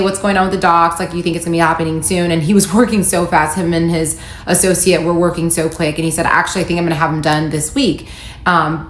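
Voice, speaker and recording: A young adult woman telling a personal story in a candid, wry way, quoting messages in her own voice. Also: fairly low pitch. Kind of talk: casual storytelling to camera. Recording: echoey room with faint background noise.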